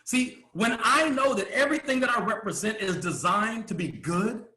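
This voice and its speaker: A man's voice: high voice, bright, forceful tone. Emphatic male motivational speaker, echoey room. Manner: emphatic, with rhetorical questions and pauses. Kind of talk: motivational speech to a live audience.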